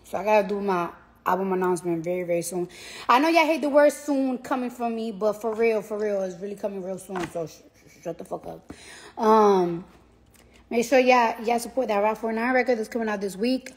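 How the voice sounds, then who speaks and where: A woman's voice: medium pitch, quick pace. A tired woman rambling casually and profanely on a live stream from her phone, repeating herself as she talks to fans.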